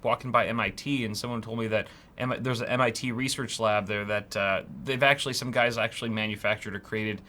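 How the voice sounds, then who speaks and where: A young man co-hosting a live tech show, joking around, swearing freely and breaking into loud bursts. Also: on the low side, steady tone, fairly quick, hardly any pauses. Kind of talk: casual live-stream chat.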